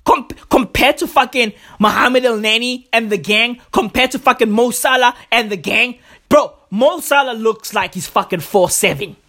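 A man delivering a profane comedic rant, loud and excitable, full of slang and repeated words. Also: very high voice, moderate pace. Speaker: comedic ranter.

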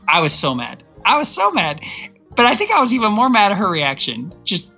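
Bright, emphatic podcast co-host, slightly dull sound. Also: medium pitch, huge pitch swings, fairly quick, gravelly, breathy edge, faint music behind. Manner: exasperated, emphatic storyteller. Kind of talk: casual chat.

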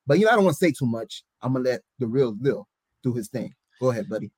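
A man's voice: mid-range voice, lively intonation, fast talker, a little mellow, breathy edge, no echo. A man co-hosting a sports show, talking in a laid-back, friendly way. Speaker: co-host called Coach. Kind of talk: casual sports chat.

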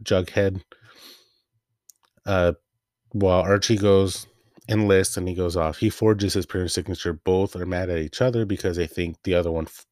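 A man with a very low voice hosts a laid-back comic review. He rambles, trails off into asides and leans on fillers, and his voice sounds worn out. The sound is dry and close. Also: fairly even intonation, moderate pace, pauses often, a little mellow, dry recording. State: voice wearing out. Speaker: host.

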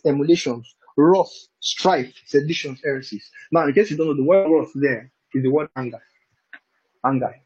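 Husky guy preaching a bible study, fairly high voice, chuckles a lot, dull lo-fi sound. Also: a little mellow. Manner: conversational, keeps asking "do you understand?"; chuckles between points. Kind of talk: bible teaching sermon. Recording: dull lo-fi recording.

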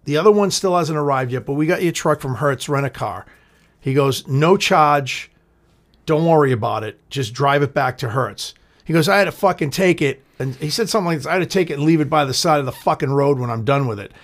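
A man's voice: on the high side, fairly quick. A man, co-hosting a podcast, telling a story in a loose, profane way and acting out what people said. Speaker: podcast co-host. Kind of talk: casual storytelling chat.

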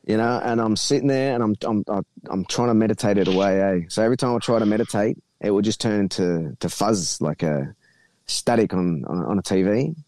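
A man's voice: lowish voice, fairly quick, a little mellow. A man telling a rambling story in casual podcast chat, swearing freely as he goes. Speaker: guest.

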